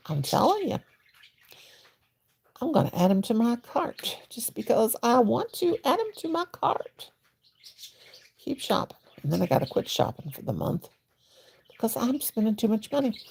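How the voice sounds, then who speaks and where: Lady rambling on a crochet livestream, real gravelly, kinda husky, folksy chat while she works. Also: a little high, wildly swooping pitch, normal speed, a little mellow. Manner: rambling, folksy, chatty aside to viewers.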